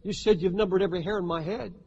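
A man's voice: high voice, steady tone, rapid-fire, gravelly, warm tone, big-room sound, dull audio, slight background noise. A pastor preaching an emphatic sermon from the pulpit, firing rhetorical questions at his congregation. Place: church sanctuary with a congregation.

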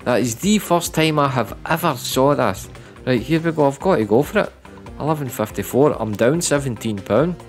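A man giving live commentary on slot machine spins, chatty and prone to repeating words, breaking into loud excited bursts. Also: medium pitch, normal speed, faint music behind. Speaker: online slots streamer.

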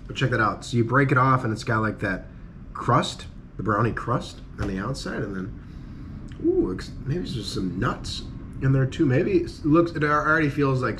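Excitable man vlogging a food tasting. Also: on the low side, slight background noise. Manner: excited, exclaiming over each dish. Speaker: travel vlogger.

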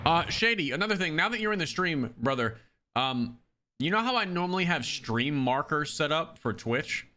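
Playing a shooter on stream, a man speaks at normal speed in a slightly high, sing-song, bright and forceful voice. He chats loosely with viewers, addressing them as "dude" and "brother," through a streaming mic run via an audio mixer.

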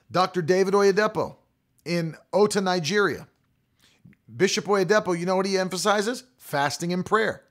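A man's voice: high-pitched, a bit bright. A man preaching a sermon, emphatic and repetitive, stretching out key words for stress. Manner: emphatic, repeating key phrases.

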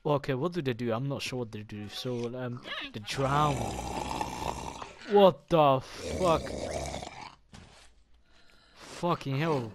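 Excitable, swearing young gamer man. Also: medium pitch, slow, pauses often, noisy background. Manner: excitable, swears often, reacts aloud to what he sees. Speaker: gaming YouTuber. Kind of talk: casual gameplay commentary. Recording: game music clearly behind the voice.

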